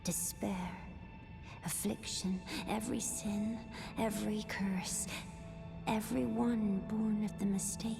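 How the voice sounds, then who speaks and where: Casting an ancient female spirit of chaos, whispered and gravelly, game cutscene with a long hall echo. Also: mid-range voice, steady tone, slow pace, music in the background. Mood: ominous. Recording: echoey game cutscene audio with loud score.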